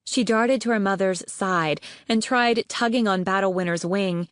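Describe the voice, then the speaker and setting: A woman narrating an audiobook in a steady, even storytelling manner on a close studio mic. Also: mid-range voice, normal speed, smooth, no echo. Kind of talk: scripted narration.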